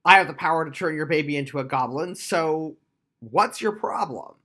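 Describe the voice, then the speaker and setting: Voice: medium pitch, normal speed, sharp tone. A tabletop game reviewer putting on a haughty fairy lord who rules the goblins, sounding smug and dismissive.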